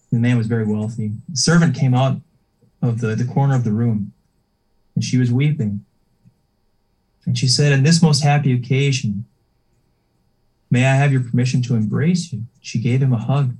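A man preaching, telling a story about a priest in an earnest, unhurried way and briefly acting out the people he quotes. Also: medium pitch, darkish tone, rough recording. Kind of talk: sermon storytelling.

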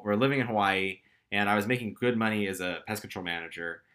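A young man speaks in a casual storytelling way, candid and self-deprecating, and his voice turns animated as he goes. His tone is bright and forceful, sitting a little low in pitch. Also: fast. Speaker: storyteller recounting his career.

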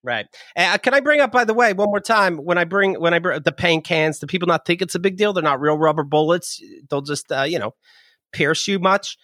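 A man's voice: sits high, brisk, sharp tone, dry recording, clean studio sound. A man co-hosting a podcast, ranting heatedly with lots of swearing in casual chat. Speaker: podcast co-host.

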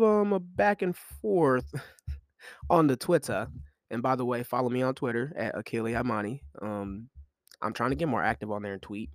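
A young man riffs on sports drama for his podcast, loose and slangy, jumping between hushed asides and loud jabs. His voice sits at an ordinary middle pitch. The sound is dry and close, with no room behind him. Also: dry recording. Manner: animated, slangy trash talk with laughs. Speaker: podcast host. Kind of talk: casual commentary.

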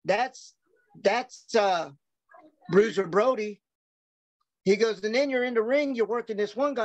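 A man's voice: high-pitched, lively intonation, measured pace, pauses often, dry recording. A man, a professional wrestler, telling casual stories on a podcast, acting out quoted dialogue and swearing freely.

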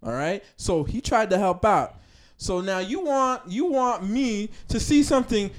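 Emphatic, slangy high-voiced man. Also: lively intonation, a little slow. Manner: emphatic, teasing, street slang. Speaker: podcast co-host. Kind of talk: casual debate chat.

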